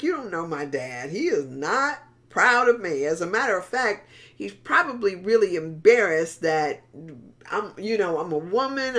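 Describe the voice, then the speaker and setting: Addressing her congregation directly, this middle-aged female pastor delivers a conversational sermon, frequently restarting and repeating words. She has a medium pitch and a fairly bright tone.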